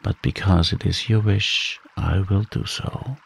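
A man voicing an earnest, dutiful young fisherman in a calm, slow bedtime story reading. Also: deep voice, gravelly, slight background noise, exaggerated voice. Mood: humble.

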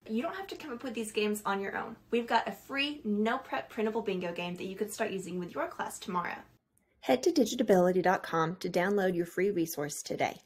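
A woman's voice: mid-range voice, a little mellow. A woman hosting a short educational series, giving teachers scripted tips in an upbeat voice that speaks straight to them. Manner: upbeat, direct address to teachers.

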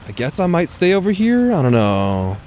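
A man's voice: a little high, huge pitch swings, moderate pace, darkish tone, a little hiss or hum. A man with a Californian accent giving casual, joking commentary on a live game stream, laughing often.

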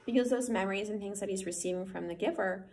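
A woman's voice: mid-range voice, fast talker, a little mellow. A woman teacher reading a novel aloud to her class, voicing the dialogue and stopping to check that students understand.

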